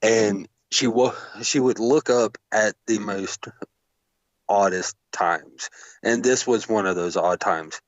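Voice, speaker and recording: Male co-host, lowish voice, laid-back and profane, dull lo-fi dry mic. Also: slow, no room sound. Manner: laid-back, swears, laughs easily. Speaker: podcast co-host. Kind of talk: casual wrestling review chat.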